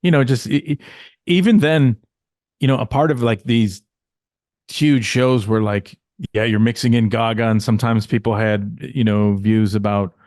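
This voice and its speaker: A man's voice: medium pitch, fairly even intonation, normal speed, a little mellow, no room sound, studio quality. A man co-hosting a casual podcast, telling backstage stories animatedly, acting out quotes, swearing and laughing often. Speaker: podcast co-host, former insider.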